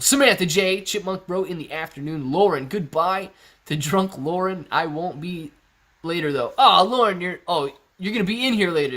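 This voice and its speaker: A man hosting a live stream, energetically reading out viewer names and signing off. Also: a little high. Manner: energetic, rattles off viewer shout-outs. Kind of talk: live stock stream chat.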